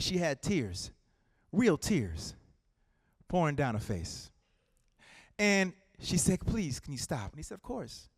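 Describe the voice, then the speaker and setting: A man giving an impassioned rally speech at a community center. He builds rhythmic repeated lines and drops from loud calls to hushed storytelling. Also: mid-range voice, no room sound, clean studio sound. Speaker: political speaker.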